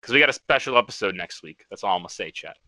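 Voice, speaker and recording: A young man hosting a casual livestreamed podcast, telling stories in an animated way and laughing often. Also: on the low side, rapid-fire, no echo. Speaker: podcast host.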